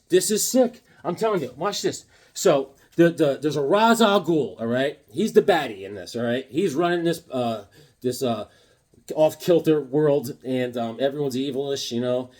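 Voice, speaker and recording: A man in his fifties talking casually about comic books, rambling and joking with lots of filler words. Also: a little high. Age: 50s. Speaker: comic book vlogger. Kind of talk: casual comic review vlog.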